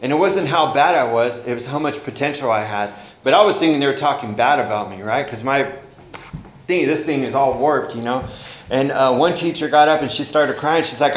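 A man's voice: medium pitch, a little fast. Middle-aged man, blunt recovery-meeting testimony, lots of "you know", roomy echo, faint hiss. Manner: candid, rambling, frequent "you know", swearing. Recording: echoey room, faint noise.

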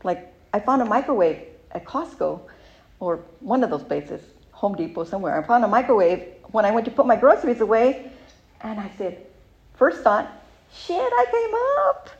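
A woman's voice: mid-range voice, animated, brisk, darkish tone, highs cut off. A middle-aged woman giving a candid, rambling personal recovery share, with many fillers and asides.

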